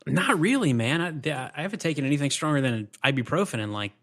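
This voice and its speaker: A man's voice: fairly high pitch, fast. A man from the American South with a Southern accent, co-hosting a casual movie chat and retelling scenes with energy. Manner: animated storyteller, acts out movie quotes. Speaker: podcast co-host.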